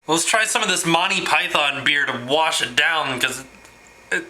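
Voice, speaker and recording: A man talking in a rambling, animated way in a casual home video blog, quick to laugh. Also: on the high side, rough recording. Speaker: vlogger. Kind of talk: casual vlog chat.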